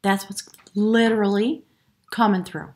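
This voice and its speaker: A woman giving a spiritual tarot reading to camera, effusive and emotional, often dropping her voice to a hushed whisper. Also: mid-range voice, level tone, unhurried. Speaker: tarot reader.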